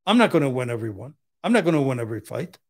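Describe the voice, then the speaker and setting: An older man, a criminal defense attorney, speaks rapid-fire in a sing-song, medium-pitched voice. In casual chat he tells blunt, profane stories and acts out what people said.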